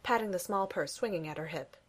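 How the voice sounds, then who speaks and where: A woman reading a fan fiction story aloud in a wry, even storytelling manner. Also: lowish voice, brisk. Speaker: reader.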